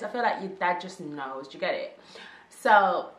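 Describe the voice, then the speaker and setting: Young woman, storytime vlog, animated slangy talk, medium pitch, roomy echo. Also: normal speed, slight background noise. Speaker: vlogger.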